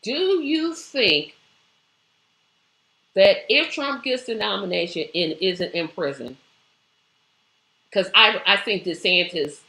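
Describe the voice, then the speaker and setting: A woman's voice: lowish voice, animated, unhurried, gravelly, sharp tone, reverberant, rough recording. A woman hosting a live online show, giving emphatic commentary, asking rhetorical questions and reading viewer comments.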